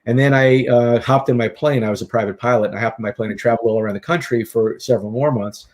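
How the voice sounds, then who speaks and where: A middle-aged man, a guest author and hypnotist, telling his story in a lively, animated way in a casual interview. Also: medium pitch, quick pace. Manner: lively, animated storyteller who acts out quotes.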